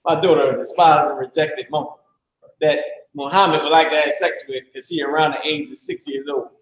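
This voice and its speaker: Man, somewhat high voice, classroom teacher, slangy and profane, heavy room echo. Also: a little fast, slight background noise. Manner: slangy, blunt and profane, drifts into asides. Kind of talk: loose classroom lecture. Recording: very echoey room.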